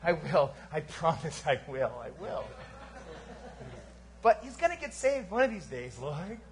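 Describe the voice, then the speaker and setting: A man preaching a sermon as pastor at a church service, swinging from fervent emphasis to hushed, quiet lines. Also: fairly high pitch, a little slow. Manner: animated preaching with sudden quiet drops.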